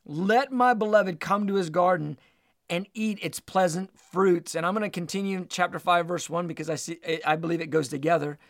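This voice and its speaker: A man's voice: high-pitched, moderate pace, vocal fry, fairly bright tone, no echo, clean studio sound. A man preaching a sermon, reading scripture aloud and teaching with emphatic delivery.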